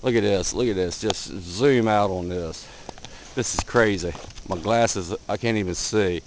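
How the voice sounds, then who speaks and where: A man filming outdoors in a blizzard on a handheld camera, giving excited casual commentary, cold and a bit out of breath. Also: fairly low pitch, a little slow, a little hiss or hum, poor audio. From Delaware, USA. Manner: excited, repeats himself, calls viewer man. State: out of breath, face numb from cold. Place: outdoors in a blizzard, wind and snow. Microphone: handheld camera mic.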